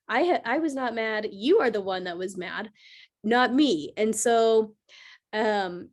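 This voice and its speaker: Chatty woman astrologer, slightly high voice. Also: moderate pace, a little mellow. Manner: chatty, rambling, lots of filler "like". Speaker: astrologer and host. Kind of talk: casual livestream talk.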